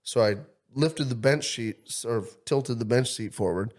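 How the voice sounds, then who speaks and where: A man co-hosting a podcast, telling a story in a profane, excitable way. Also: mid-range voice, a little slow. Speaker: podcast co-host. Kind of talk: casual chat, storytelling.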